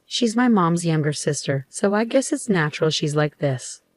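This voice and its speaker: A woman's voice: sits low, expressive, normal speed. A woman voicing a scornful eighteen-year-old new employee in a narrated story. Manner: scornful, mocking.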